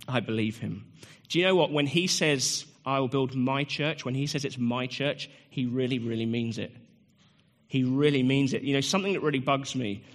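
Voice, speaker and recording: A man preaching a sermon as pastor, rising loud and lively when he reads scripture and dropping quiet for personal asides. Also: a little high. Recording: echoey church hall.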